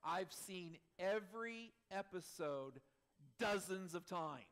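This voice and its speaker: A middle-aged man preaching a sermon as pastor, animated, swinging between loud emphasis and soft asides with chuckles. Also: high-pitched, slow.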